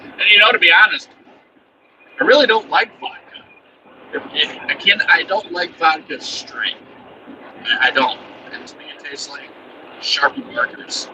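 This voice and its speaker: Man, casual swearing storyteller, a bit high-voiced, mic set back, road rumble behind. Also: moderate pace, long pauses. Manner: profane, rambling, chuckling. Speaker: vlogger telling a story. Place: inside a truck cab. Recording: distant mic with loud vehicle noise.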